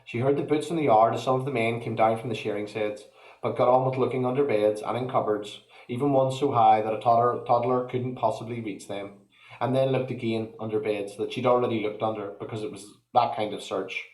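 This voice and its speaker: A man reading a novel aloud in a steady, expressive storyteller's voice. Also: mid-range voice, brisk. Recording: echoey room.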